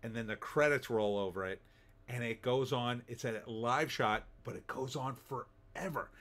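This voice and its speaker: A man's voice: mid-range voice, moderate pace, fairly bright tone. A middle-aged man giving a casual, rambling spoken movie review, full of fillers and restarts. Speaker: film reviewer.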